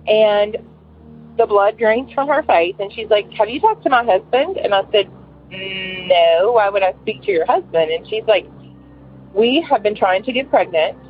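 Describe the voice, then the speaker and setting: A woman's voice: mid-range voice, measured pace. A woman in her forties calling in to tell a personal story, rambling and emotional with many fillers. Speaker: caller. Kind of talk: telling a personal story on a call-in show. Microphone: phone. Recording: tinny phone line with faint hiss.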